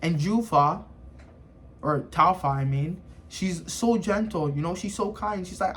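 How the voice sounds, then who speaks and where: High-voiced man rambling through a review. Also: a little slow. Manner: rambling, full of "you know" and "like"; animated retelling of scenes. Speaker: anime reviewer. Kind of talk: casual video review.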